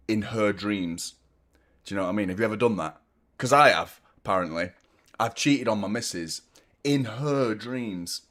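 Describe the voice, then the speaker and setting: A man's voice: low voice, a bit bright. A man, chatting casually and self-mockingly as host of a football watchalong stream, swearing freely. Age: 30s. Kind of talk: casual live-stream chat.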